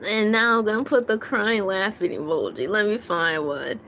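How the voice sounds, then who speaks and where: Laughing often between lines, a woman chats playfully on a casual livestream and reads out comments from viewers. She speaks at normal speed in a mid-range, slightly bright voice, with slight background noise.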